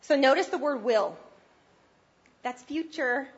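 A woman's voice: high-pitched, expressive, slow, highs cut off. A woman preaching a sermon, earnest and conversational, lifting her voice to press her points. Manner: earnest and conversational, rising with emphasis.

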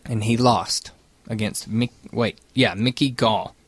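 A man's voice: on the low side, steady tone, unhurried, breathy edge, dry recording. A man hosting a morning radio show, teasing his co-hosts and reading out light news items.

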